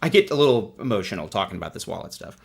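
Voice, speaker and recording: A man's voice: fairly low pitch, big pitch swings, racing, creaky, a little hiss or hum. A man hosting a livestream, giving sarcastic, rambling commentary in a casual chat. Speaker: host.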